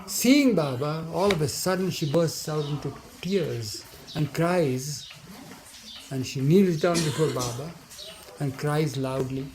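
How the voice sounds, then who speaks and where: A man's voice: fairly high pitch, takes it slowly, background noise. An older man telling a remembered story in a rambling way, full of trailing asides and restarts. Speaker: devotee recounting memories. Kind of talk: rambling spoken reminiscence.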